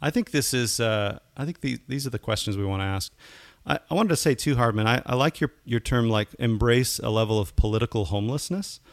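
A man's voice: medium pitch, a little fast, no echo, studio quality. A man co-hosting a podcast, a pastor chatting casually, rambling with many restarts.

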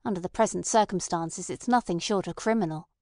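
A woman's voice: lowish voice, fairly quick, darkish tone, no echo, lightly acted. A woman voicing an impatient, resentful male anarchist in an audiobook, blunt and agitated.

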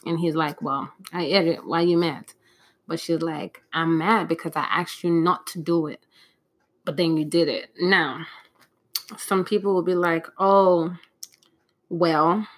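On her casual solo podcast, a woman rambles from one point to the next and keeps restarting her sentences. She sounds flustered and frustrated, with a lowish voice, fairly even intonation, a slow pace and frequent pauses.

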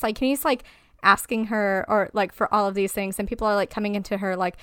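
A woman's voice: mid-range voice, fairly even intonation, fast, a bit bright, smooth, dry recording, clean studio sound. A woman talking casually about a film, emphatic and profane, laughing often.

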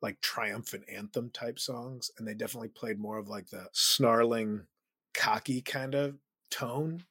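A comedian from the Chicago suburbs, chatting as a podcast guest in a rambling, laughing, self-deprecating way. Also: male voice, medium pitch, a little slow, pushed and bright, husky, no room sound, studio quality. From Chicago suburbs, USA. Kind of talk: casual storytelling chat.

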